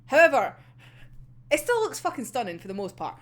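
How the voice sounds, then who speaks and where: A young woman with a Scottish accent talks through an anime episode in a loose, chatty way. Her fairly high voice swings widely in pitch as she gets worked up, breaking often into laughter and dropping casual swears. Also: wildly swooping pitch, brisk. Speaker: anime reviewer.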